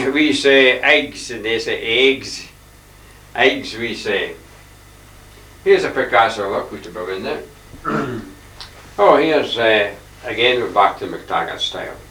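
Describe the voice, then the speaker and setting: An older man talks his halting, wandering way through his paintings, often clearing his throat. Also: on the low side, fairly bright tone. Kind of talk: rambling casual reminiscence. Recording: echoey room, distant mic, faint hiss.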